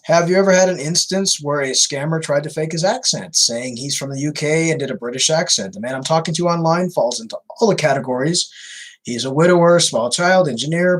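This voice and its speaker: Husky guy doing a chatty stream q&a, repeats stuff, um a lot. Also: fairly high pitch, a bit bright, low-quality recording. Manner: chatty, repeats himself, many fillers. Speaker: scam baiter answering viewer questions. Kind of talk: casual Q&A livestream.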